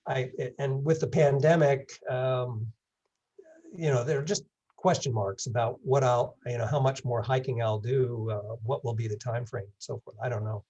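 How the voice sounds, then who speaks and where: A man's voice: mid-range voice, mellow, breathy edge, highs cut off. A man in his seventies giving a rambling, good-humored talk with questions over a video call. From England. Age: 70s. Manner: rambling, self-correcting, wry humor. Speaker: guest speaker. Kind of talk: online presentation Q&A.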